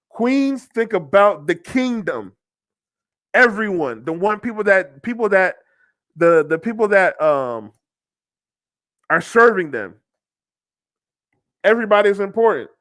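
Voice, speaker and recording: A man's voice: sits high, animated, a little slow, pauses often, fairly bright tone. A man hosting a reaction commentary, blunt and mocking, often laughing at what he reads. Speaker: podcast host.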